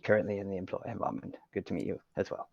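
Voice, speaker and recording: A man's voice: deep voice, fairly even intonation, rapid-fire, gravelly, a little mellow, dry recording. A man voicing a nervous, formal male field inquisitor who stammers and apologizes in a tabletop game. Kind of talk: tabletop role-play voice. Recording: slightly muffled lo-fi mic.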